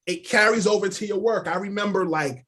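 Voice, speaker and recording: Chatty man, slightly high voice. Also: fairly quick, slightly rough. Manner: animated anecdotes full of "like" and "yo". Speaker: podcast guest, sports journalist. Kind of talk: casual podcast storytelling.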